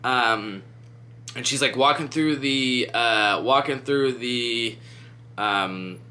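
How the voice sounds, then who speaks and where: A man with a mid-range, bright, forceful voice chats casually and slowly through a true crime story while applying his makeup. He rambles, using "like" and "um" heavily.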